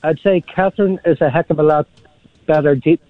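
A man phones in to a radio show over a thin, tinny line with no room sound. He speaks haltingly, giggling nervously between blunt jabs. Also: fairly high pitch, steady tone, no room sound. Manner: hesitant, giggly, blunt criticism. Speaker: caller. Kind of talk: phone-in call. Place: in bed.

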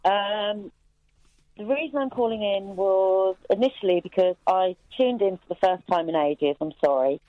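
A man's voice: high voice, normal speed, no room sound, phone-quality sound. A man calling a radio phone-in, chatty and a little apologetic as he tells a story. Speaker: caller. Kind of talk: phone-in call.

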